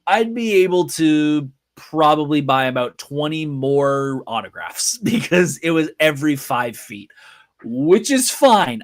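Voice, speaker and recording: A man's voice: fairly high pitch, no room sound, clean studio sound. A man hosting a live podcast, telling a rambling, chatty story with lots of fillers. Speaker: podcast host. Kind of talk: casual live podcast monologue. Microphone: podcast mic.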